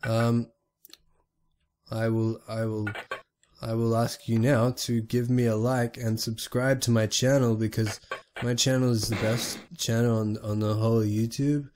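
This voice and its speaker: A man's voice: medium pitch, flat delivery, a little slow, a little mellow, a little hiss or hum. A man hosting a retro gaming channel, talking casually with joking, self-mocking asides. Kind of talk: casual game commentary.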